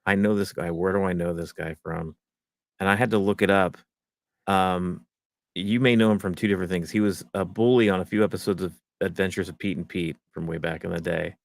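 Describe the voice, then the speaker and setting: A man with a lowish voice chats casually on a podcast he co-hosts. He rambles along and drops his voice when acting out what others said. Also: steady tone, a little fast, gravelly, no echo, clean studio sound. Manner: rambling, acts out quotes in a lowered voice. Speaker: podcast co-host. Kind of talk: casual chat.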